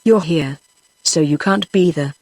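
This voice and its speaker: A woman's voice: sits low, unhurried, darkish tone, no echo. A British text-to-speech woman's voice reading the lines of a worried young boy in a storybook. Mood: bewildered. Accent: British English. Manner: worried, questioning. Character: anxious young boy, guilt-stricken and pleading.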